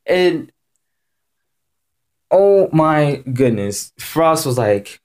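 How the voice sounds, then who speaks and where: A man giving a casual rant-style video review, excitable and rambling, repeating himself and jumping up in pitch when worked up. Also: unhurried. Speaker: anime reviewer.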